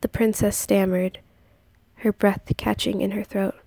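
A woman narrating a story in a soft, hushed, partly whispered reading. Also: mid-range voice, little pitch movement, a little slow, creaky, dry recording.

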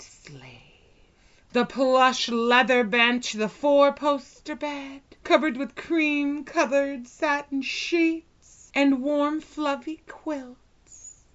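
A woman in a whispered role-play, speaking as a dominant hypnotist with a soft, commanding, drawn-out delivery. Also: high-pitched, highs cut off.

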